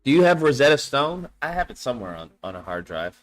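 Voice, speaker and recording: A man's voice: mid-range voice, very animated, quick pace, faint music behind. Man thinking aloud, cursing casually. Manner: thinks aloud, curses, reads answers off screen. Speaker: streamer. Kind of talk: casual live-stream musing.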